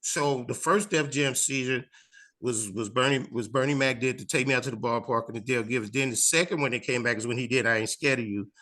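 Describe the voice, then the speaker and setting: A man's voice: medium pitch, fairly quick. A man in his fifties with a Chicago accent, a comedian telling a long story in an interview and acting out the voices of the people in it. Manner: animated storyteller, acts out other people's voices.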